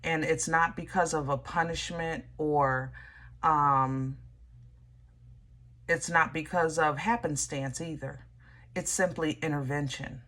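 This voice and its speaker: A woman reading tarot cards for viewers, talking in a slow, soft, preachy way. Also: low-pitched, fairly even intonation. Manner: emotional, exclaiming, with laughter and repeats. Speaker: tarot reader.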